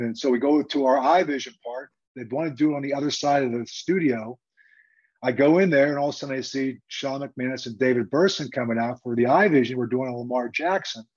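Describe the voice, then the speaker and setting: A man who is a former football coach and TV analyst, telling a story in an animated, conversational interview with frequent fillers. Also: mid-range voice, husky. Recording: dull lo-fi sound.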